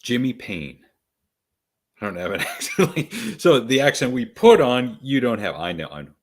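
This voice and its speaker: A man's voice: medium pitch, very animated, normal speed. A Canadian man co-hosting a podcast, telling stories in a wry, matter-of-fact way. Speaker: podcast co-host. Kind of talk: casual chat.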